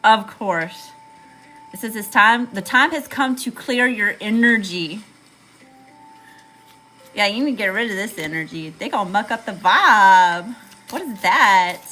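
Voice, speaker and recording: A woman with a Southern drawl gives a live tarot reading, chatty and loose with slang as she talks straight to her viewers. Her voice is bright and forward. Faint music plays underneath. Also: mid-range voice, animated, unhurried, long pauses, low-quality recording. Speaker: tarot reader.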